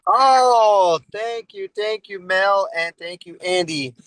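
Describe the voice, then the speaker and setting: A man's voice: high-pitched, slow pace, fairly bright tone, a little hiss or hum, low-quality recording. A man in his forties doing a rambling stand-up set over a video call from inside his car, peppering it with "all right?" asides. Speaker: stand-up comedian.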